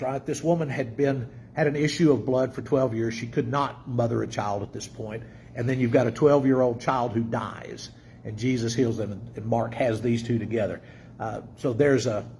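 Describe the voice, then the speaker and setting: A pastor gives a relaxed, conversational teaching sermon, often turning to his listeners with questions. His voice is mellow and warm, at a middle pitch. A faint hum of the room sits behind him. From Dallas, Texas. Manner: conversational, with filler words and restarts, asks the congregation questions.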